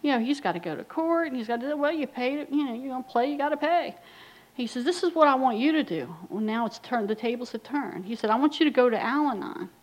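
A woman's voice: high voice, lively intonation, fast, low-quality recording. A middle-aged woman giving a personal recovery testimony, telling her story bluntly and wryly, with quoted asides. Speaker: recovery speaker.

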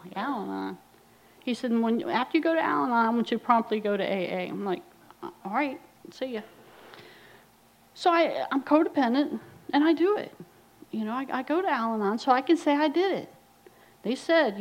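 A woman's voice: a little high, expressive, normal speed, pauses often, dull audio. A middle-aged woman giving a personal recovery testimony, telling her story bluntly and wryly, with quoted asides. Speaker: recovery speaker.

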